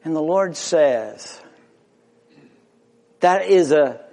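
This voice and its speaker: A man delivers a sermon in a slow, deliberate cadence, stacking repeated phrases and asking the listener questions. His voice sits a little high for a man, and it rings out with a long reverb that suggests a large hall. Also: expressive, gravelly, mellow. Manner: impassioned, rhetorical questions, repetition. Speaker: preacher.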